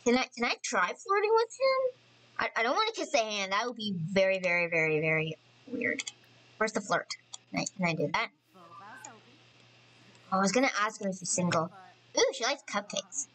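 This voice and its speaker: A woman hosting a casual let's-play commentary, chatty and excitable, often apologizing and thinking aloud as she plays. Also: mid-range voice, normal speed, pauses often, rough recording. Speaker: gaming channel host.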